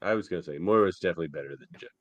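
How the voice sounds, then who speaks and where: Deep-voiced, animated man. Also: racing, dry recording, muffled recording. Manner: animated, laughs often. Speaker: podcast co-host. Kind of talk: casual chat.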